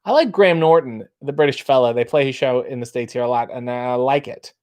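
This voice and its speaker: A man's voice: medium pitch, a little fast, a little mellow. A man hosting a casual livestream, reading viewer comments aloud and riffing on them in a dry, wry way. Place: dark room with a black backdrop.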